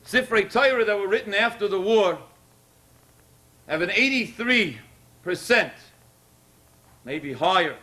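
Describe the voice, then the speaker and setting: Man, sermon, emotional, emphatic, fairly high voice. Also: pushed and bright. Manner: emotional, rising to emphatic peaks. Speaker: rabbi speaking at a Torah dedication.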